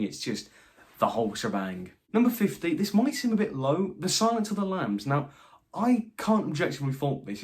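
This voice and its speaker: Young guy chatting thru his film rankings, excited, voice jumps up on each number, mid pitch. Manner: enthusiastic, announces each rank with a lift in pitch. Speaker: film reviewer. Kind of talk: casual ranked list commentary.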